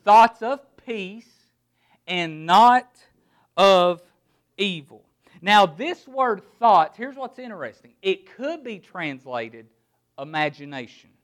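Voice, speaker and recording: A middle-aged man preaching a sermon, with emphatic word-by-word stress and rhetorical questions, often dropping to a quiet, low voice on key words. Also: animated, takes it slowly. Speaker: pastor.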